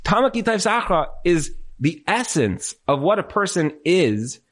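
A man telling anecdotes in a casual, animated way, acting out what people said in shifting voices, with many "like" fillers. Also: high-pitched, measured pace. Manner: animated storytelling, acts out quotes in other voices; conversational, lots of filler "like".

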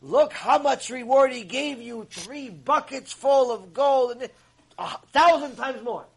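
A man acting out a rabbi's wife cheering with joy, with a husky voice. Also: very high voice, measured pace, voice pushed up, exaggerated voice. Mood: joyful. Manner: exuberant, repetitive cheering.

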